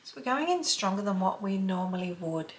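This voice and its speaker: An Australian woman in her fifties chatting through a makeup tutorial, sometimes dropping to a soft whisper while she blends. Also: mid-range voice, expressive, brisk. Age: 50s. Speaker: beauty vlogger.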